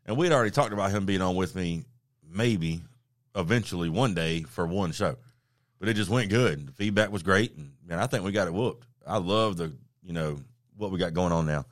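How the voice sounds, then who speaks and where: Joking Southern man with a low voice. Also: fairly quick, dry recording, clean studio sound. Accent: Southern US (Georgia). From Georgia, US. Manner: drawling, joking, profane. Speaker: podcast host. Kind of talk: casual podcast chat.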